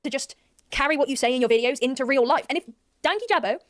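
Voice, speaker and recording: A woman's voice: high-pitched, fast talker, no echo, studio quality. A woman ranting in video commentary, angry and exasperated, cursing often.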